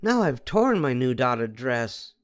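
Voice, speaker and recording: A man's voice: medium pitch, very animated, slow pace, clear, resonant tone, no room sound, studio quality, pitched above the performer's own voice. An older man voicing an earnest little girl with a slightly fretful manner.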